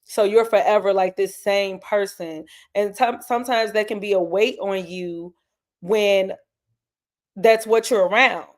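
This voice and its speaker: A woman's voice: mid-range voice, steady tone, measured pace. A woman, hosting a casual live stream and talking candidly to her chat, tearing up as she speaks. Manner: candid, emotional, talks straight to her chat.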